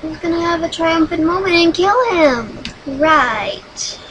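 A woman hosting a solo game video, chatting dramatically with sudden high squeals. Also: lively intonation, slow, a bit bright, a little hiss or hum, low-quality recording. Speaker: gaming channel host.

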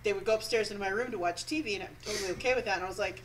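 A woman's voice: mid-range voice, racing. A woman guest on a radio talk show, telling stories animatedly, acting out quotes and laughing often. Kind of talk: casual chat. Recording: noisy radio studio recording.

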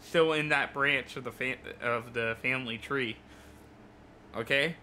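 A man's voice: mid-range voice, measured pace, sharp tone, a little hiss or hum. A young man livestreaming, telling an exasperated, profane story about a rude customer in a casual rant full of fillers.

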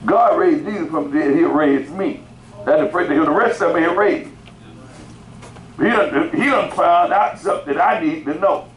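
A man's voice: fairly high pitch, moderate pace. A male pastor preaches a sermon, repeating words and calling out to the congregation in rising bursts. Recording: roomy echo, faint background noise.

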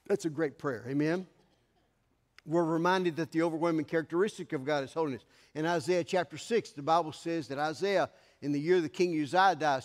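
A man pastor preaching an emphatic sermon in a church sanctuary, his voice swelling to loud declarations. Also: on the high side, long reverb tail.

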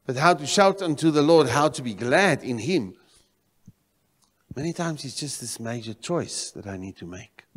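Pastor from South Africa, mid-pitched male voice, preaching with sudden loud rises and hushed drops, long church reverb. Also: lively intonation, moderate pace. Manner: preaching with swings between loud exclamations and quiet emphasis. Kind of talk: sermon. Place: church sanctuary.

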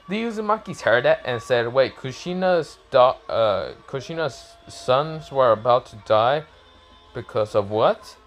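A young man casually retelling a fan-made story, rambling with fillers and restarts and jumping into excited quoted lines. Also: mid-range voice.

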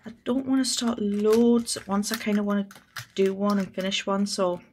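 A woman's voice: medium pitch, little pitch movement, normal speed, darkish tone, a little hiss or hum. Geordie woman chatting through her budget. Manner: chatty, thinking aloud, counting under her breath. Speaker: budgeting vlogger host. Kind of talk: casual vlog chat while cash stuffing.

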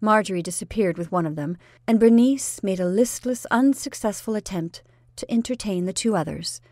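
A woman storyteller reading a classic short story aloud in a measured, expressive way. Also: medium pitch, no echo, clean studio sound. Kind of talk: scripted narration of a classic story.

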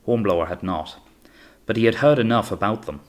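Low-voiced male audiobook narrator. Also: animated, a little fast. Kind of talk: scripted narration.

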